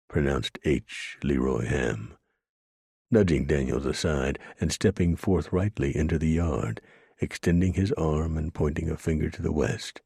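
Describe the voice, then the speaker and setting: An audiobook narrator reads a script in a very deep, gravelly male voice, a little slow and mellow. The recording is dry, with clean studio sound.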